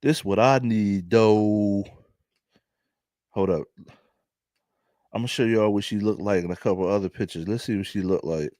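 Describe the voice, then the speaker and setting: A young man with a Philadelphia accent doing casual, laughing commentary to his viewers in drawn-out slang. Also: on the low side, darkish tone, no room sound, clean studio sound. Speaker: commentary vlogger.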